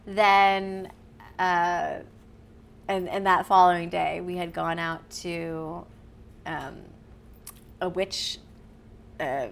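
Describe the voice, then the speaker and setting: A woman, a podcast guest, telling a story in casual chat, animated and laughing often as she acts out what others said. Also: on the low side, extremely slow, vocal fry, pauses often.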